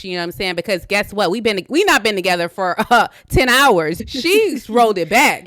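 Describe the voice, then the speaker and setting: A woman's voice: medium pitch, normal speed, no room sound, clean studio sound. A woman co-hosting a podcast, chatting casually about a reality show and acting out quotes from it. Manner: animated, acts out quotes from the show. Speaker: podcast co-host. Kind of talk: casual reality TV recap chat.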